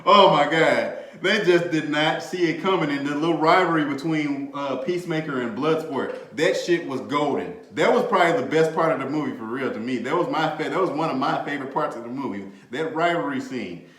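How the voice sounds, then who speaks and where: A man hosting a podcast, chatting casually about a movie in an animated, slangy way, laughing and swearing freely. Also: a little high, a little fast, hardly any pauses. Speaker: podcast host. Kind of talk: casual movie review chat. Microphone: desk mic, bumped at times. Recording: echoey room.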